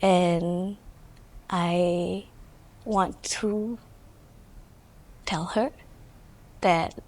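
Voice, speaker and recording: A Malaysian-accented woman entrepreneur, a guest in a reflective interview, talks earnestly in a fairly low, steady, slightly mellow voice with drawn-out words. She blends English with Malay fillers and says "you know" a lot.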